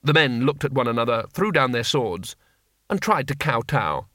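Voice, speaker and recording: Animated male audiobook narrator. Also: mid-range voice, moderate pace, no room sound, clean studio sound. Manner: expressive, animated storytelling. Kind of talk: scripted narration.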